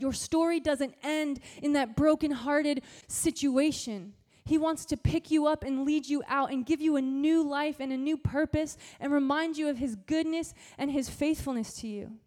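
A young woman youth pastor giving a sermon, telling a story in animated, casual slang. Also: high-pitched.

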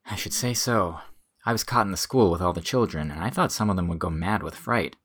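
A man voicing an earnest young schoolteacher in a full-cast audiobook, speaking in a steady, good-humoured way. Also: deep voice, a little fast, breathy edge.

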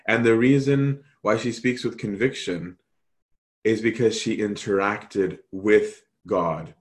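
Man preaching a lively sermon. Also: fairly low pitch. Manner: animated, acts out quoted voices.

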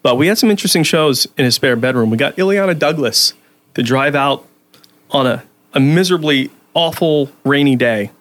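A man's voice: medium pitch, moderate pace, fairly bright tone. A man who is a podcast guest, telling stories in a rambling casual chat full of restarts. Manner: rambling, many restarts and fillers.

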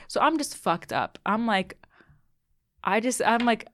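A young woman in her twenties telling a personal story in casual chat, animated and full of filler words, acting out what people said. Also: fairly high pitch, normal speed, no room sound. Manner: animated, lots of "like", acts out quotes. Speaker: guest.

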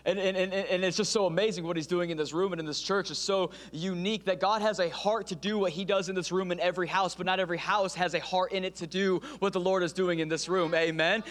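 A man's voice: high-pitched, steady tone, fast, few pauses, fairly bright tone. A man, a pastor leading a fervent, repetitive prayer and sermon. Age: 30s.

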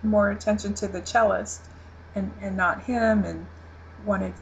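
A woman co-hosting a casual TV recap chat, giggling often and pausing with ums and restarts. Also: mid-range voice, fairly even intonation, gravelly, lo-fi sound, a little hiss or hum. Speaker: podcast co-host.

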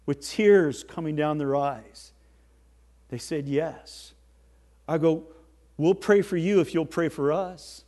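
A man preaching a sermon as pastor, swinging from soft, slow lines to loud, emphatic ones. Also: a little high.

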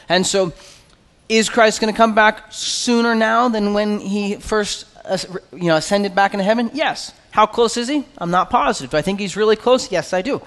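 A man's voice: high voice, fairly bright tone. Earnest male pastor in a reverberant hall. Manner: earnest, conversational preaching with quick asides. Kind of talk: expository sermon.

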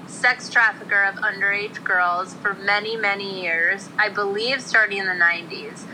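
A woman's voice: medium pitch, bright, forceful tone, slight background noise, poor audio. A woman co-hosting a casual podcast chat, chatty and teasing, laughing often. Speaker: podcast co-host.

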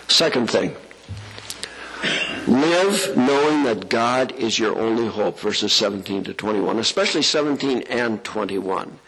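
A middle-aged male pastor preaching in a conversational way, with a slightly husky voice. He leans on rhetorical questions and lifts his voice to stress key words. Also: medium pitch, expressive, unhurried, a bit bright, low-quality recording. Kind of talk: sermon.

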